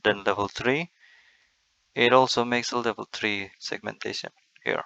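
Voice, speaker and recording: A man's voice: on the low side, steady tone, moderate pace, creaky, sharp tone, clear, resonant tone, no echo, lo-fi sound. A man teaching in a screen-recorded lecture, explaining step by step and often restarting his words, recorded close to a desk mic.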